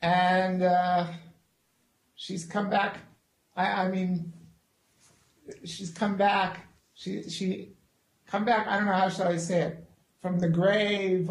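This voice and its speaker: A talk show host, a man, speaking slowly and hesitantly with plenty of pauses and fillers as he welcomes and questions his guest. His voice carries an echoey room sound. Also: sits high, a little mellow. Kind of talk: casual interview chat.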